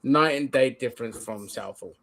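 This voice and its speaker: A man's voice: medium pitch, normal speed, vocal fry, a bit bright. A man hosting a casual podcast chat, talking animatedly and swearing, explaining things at length. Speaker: podcast host.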